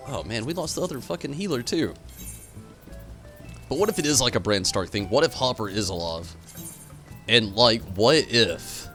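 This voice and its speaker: A man's voice: medium pitch, sharp tone. A man streaming a game live, rambling animatedly, answering chat and swearing casually. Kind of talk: live gameplay stream commentary.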